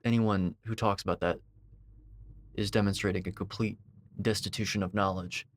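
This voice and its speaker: A man commenting on a video, lecturing and sarcastic, with sudden high-pitched outbursts. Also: fairly even intonation, normal speed, a little hiss or hum.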